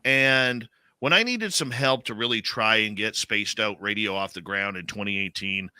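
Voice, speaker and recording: Bright, dry-voiced Canadian man. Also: on the low side, moderate pace, clear, resonant tone, dry recording. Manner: rambling, conversational, many fillers and restarts. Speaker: radio host. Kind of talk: live radio talk.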